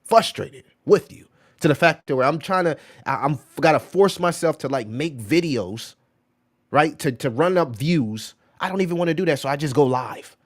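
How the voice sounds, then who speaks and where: A man's voice: fairly high pitch, lively intonation, moderate pace. A man hosting a crypto livestream, rambling casually in slangy speech, often saying "bro" and "right?" while answering viewer chat. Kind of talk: casual live-stream commentary.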